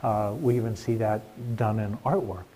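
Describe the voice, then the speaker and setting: A man's voice: on the low side, moderate pace, mellow. A middle-aged man preaching a sermon in a conversational way, asking the congregation questions.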